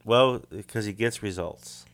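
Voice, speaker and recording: Low gravelly middle-aged man chatting. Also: measured pace, no echo. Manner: relaxed, chuckles often, trails off into mumbles. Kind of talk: casual chat.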